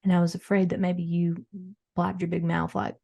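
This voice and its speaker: A woman playing a frazzled, gossipy, well-off mom who hosts an improvised comedy podcast and rambles through animated stories with acted-out quotes. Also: fairly low pitch, moderate pace, gravelly. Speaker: podcast host character.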